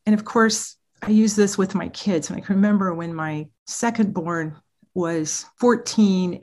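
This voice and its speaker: A middle-aged woman, a therapist guest in an interview, telling parenting stories with frequent laughs. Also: fairly low pitch. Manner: animated storyteller, laughs often. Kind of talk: podcast interview.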